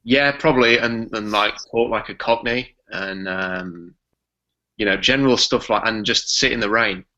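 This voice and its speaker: A man from England chats as a podcast co-host, jokey and full of ums. His voice is fairly low yet bright and sharp, and it comes over a dull, lo-fi line. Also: moderate pace. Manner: chatty and jokey, with many ums. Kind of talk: casual podcast chat.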